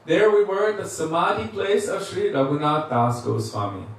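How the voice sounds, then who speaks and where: A man's voice: on the high side, expressive, moderate pace. A man giving a devotional class, telling stories earnestly and acting out the voices of people in them. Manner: earnest storyteller, acts out quoted voices. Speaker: spiritual teacher giving a class. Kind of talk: devotional lecture with storytelling. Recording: very echoey room, mic at a distance, faint hiss.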